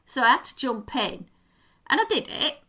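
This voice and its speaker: A woman co-hosting a podcast, telling a story in a lively, expressive way. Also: high voice, normal speed. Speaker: podcast co-host. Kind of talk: casual chat.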